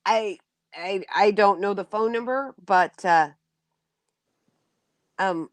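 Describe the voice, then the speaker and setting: A mid-range voice at a slow pace, recorded without echo, belongs to a middle-aged woman hosting a casual livestream. Talking with viewers, she's warm and emotional, often laughing and restarting sentences.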